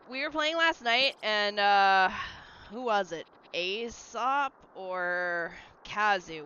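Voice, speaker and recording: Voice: mid-range voice, sharp tone, a little hiss or hum. A livestreamer in casual, rambling chat while gaming at home, answering messages from chat. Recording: slightly dull lo-fi mic. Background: faint game music.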